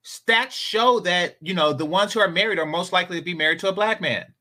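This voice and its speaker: A man's voice: sits high, a little fast, sharp tone. A man giving casual, sarcastic reaction commentary on a stream, talking back to the clips he plays.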